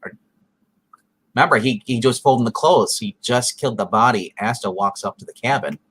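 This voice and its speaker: Guy recapping a show, gets animated, jumps into little character voices, mid pitch. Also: slightly rough. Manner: animated retelling, acting out scenes with quick voices. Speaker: podcast co-host. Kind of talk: casual review chat.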